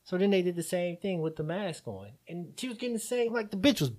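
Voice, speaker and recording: A man's voice: sits high, expressive, quick pace, a little mellow. A young man co-hosting a casual podcast, telling a story and acting out quotes in a mocking voice. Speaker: podcast co-host. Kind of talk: casual chat.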